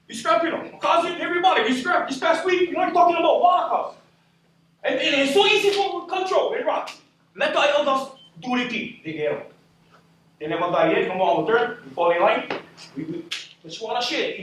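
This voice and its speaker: High-voiced man with Pidgin accent in echoey hall. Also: a bit bright, recorded from a distance, a little hiss or hum. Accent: Hawaiian Pidgin. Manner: emphatic, repetitive, swearing, addressing officials as "bro". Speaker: community member giving testimony. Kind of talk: impassioned public testimony. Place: community meeting hall.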